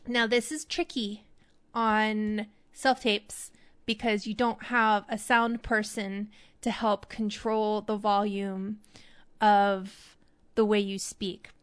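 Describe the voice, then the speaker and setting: Woman, podcast host, smooth clear voice, chatty acting tips. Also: mid-range voice, slow pace. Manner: chatty, animated, demonstrates voices. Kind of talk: advice talk on acting.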